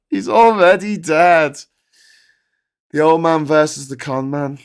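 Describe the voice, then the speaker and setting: A middle-aged man hosting a live stream, talking in casual, animated, sweary commentary. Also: fairly high pitch, slow pace, long pauses, clean tone.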